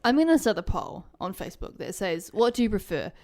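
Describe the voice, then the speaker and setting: A woman chats on a podcast with a wry, joking manner. Her pitch swings widely as she reacts, though it stays at a middling level. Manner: wry, animated, quick to joke. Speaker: podcast co-host. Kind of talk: casual chat.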